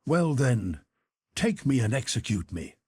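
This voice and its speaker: A man's voice: medium pitch, big pitch swings, a little slow, darkish tone, husky, no echo. A man voicing a brooding nobleman speaking to himself, sad but firm. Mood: resigned. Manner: solemn, resolute.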